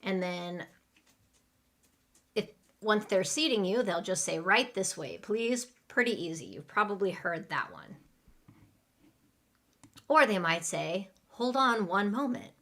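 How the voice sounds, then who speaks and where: Slow, clear woman teaching English. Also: lowish voice, very animated, fairly bright tone. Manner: slow, clear teaching delivery with role-play lines. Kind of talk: live online English lesson.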